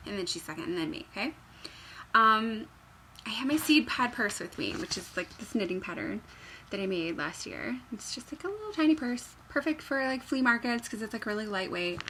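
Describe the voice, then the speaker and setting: A young woman talks through a knitting tutorial in a bright, forceful voice, pitched a little high. She rambles and jokes, breaking into squeals and whispered asides. Soft room ambience hums faintly behind her. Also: big pitch swings, moderate pace, a little hiss or hum. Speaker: knitting pattern designer. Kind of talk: chatty craft tutorial vlog. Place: home room by a fireplace.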